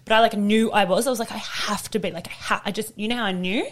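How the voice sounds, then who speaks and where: A young woman with an Australian accent talks in a lively, unfiltered way. She swears freely and throws herself into acting out the people in her stories. Her pitch sits in the middle for a woman. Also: quick pace. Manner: animated storytelling, swears freely, acts out quotes. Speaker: podcast co-host. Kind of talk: casual chat.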